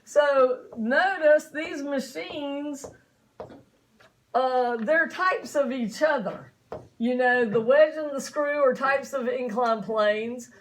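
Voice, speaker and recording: A woman's voice: high-pitched, slow pace. A woman teacher giving a chatty classroom lecture, often asking her students questions.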